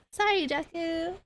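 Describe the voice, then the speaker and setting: A woman streaming a video game, chatting playfully, exclaiming and laughing as she plays. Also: extremely high pitch. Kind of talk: casual gameplay chatter.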